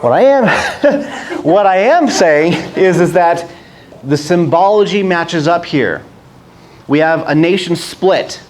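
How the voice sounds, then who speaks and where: Guy preaching casually, rambly storytelling, kinda high voice that jumps around a lot. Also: slow. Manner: rambling, animated storytelling with many restarts. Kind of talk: casual sermon.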